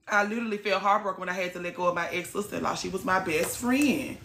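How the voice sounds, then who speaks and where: A woman talking to camera in a casual vlog rant, blunt and profane, preaching hard and swinging into shouts. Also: lowish voice, fast talker, hardly any pauses, roomy sound. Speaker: vlogger.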